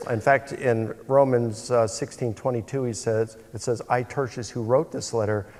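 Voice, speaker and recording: A man's voice: mid-range voice, fairly even intonation, moderate pace, a little mellow. A man questioning his opponent in a debate, conversational with frequent hesitations. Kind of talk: cross-examination in debate. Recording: reverberant hall.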